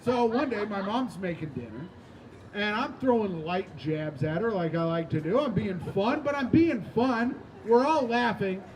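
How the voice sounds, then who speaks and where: High-voiced young man doing stand-up. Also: expressive, normal speed, a little hiss or hum, rough recording. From United States. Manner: conversational, full of "like" and "right?". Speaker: stand-up comedian. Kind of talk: stand-up comedy set. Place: outdoor rooftop.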